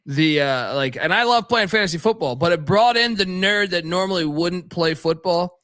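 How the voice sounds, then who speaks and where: A man with a high, bright, sharp voice rambling through a sports betting podcast. He swears a lot and circles his points with restarts. The sound is dry and close. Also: animated, moderate pace, no room sound. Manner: rambling, profane, lots of fillers and restarts. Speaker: podcast co-host. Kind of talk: casual sports betting chat.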